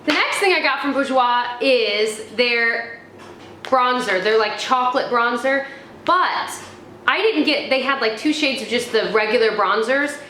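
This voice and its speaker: In an echoey room with faint background noise, a young American woman chats about beauty products she's reviewing. Her voice sits on the high side, expressive and sharp, and she speaks a little slowly. As a beauty vlogger, she rambles with lots of fillers and restarts.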